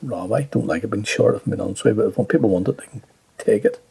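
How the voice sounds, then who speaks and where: A man's voice: lowish voice, vocal fry, mellow, slightly rough. A man with a Northern Irish accent co-hosting a casual podcast, teasing and bantering with his co-host. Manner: teasing, joking, quick to banter. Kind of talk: casual chat.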